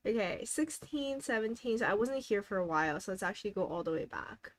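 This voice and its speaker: A woman's voice: medium pitch, animated, brisk. A young woman hosting a casual live stream, cheerfully encouraging viewers and reading out their goals with frequent giggles. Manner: giggles often between remarks. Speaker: livestream host.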